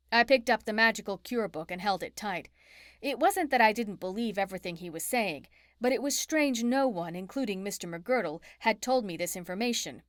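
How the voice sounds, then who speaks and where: A woman narrating an audiobook in the first person, in an even storytelling manner. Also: mid-range voice, moderate pace, clear, resonant tone, no room sound, studio quality.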